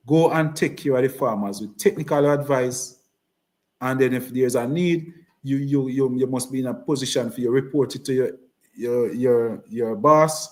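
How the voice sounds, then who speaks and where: A man's voice: medium pitch, darkish tone. A man with a Jamaican accent giving an impassioned campaign speech, repeating himself and slipping into patois. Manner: impassioned, repetitive, switches into patois. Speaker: political speaker.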